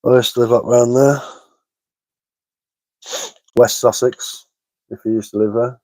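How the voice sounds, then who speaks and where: Working on a craft project during a live stream, an Englishman chats in a relaxed way and reads out and answers chat messages. His voice is medium-pitched and unhurried; the recording is low quality, with no room sound.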